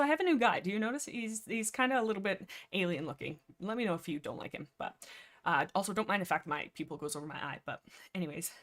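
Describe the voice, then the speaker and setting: A young woman hosting a casual livestream chat, rambling in a giggly, self-deprecating, slightly nervous and breathless way. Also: medium pitch. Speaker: livestream host.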